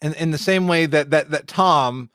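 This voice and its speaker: A man's voice: fairly high pitch, moderate pace, a bit bright, smooth. A man hosting a podcast interview, often stammering and repeating his words. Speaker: podcast host.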